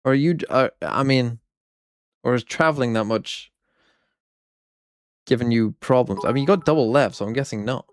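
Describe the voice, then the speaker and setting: A man's voice: medium pitch, normal speed, long pauses, dry recording, studio quality. A man streaming, casually reviewing viewers' fantasy teams in a wry, blunt way, thinking aloud. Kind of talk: casual livestream commentary.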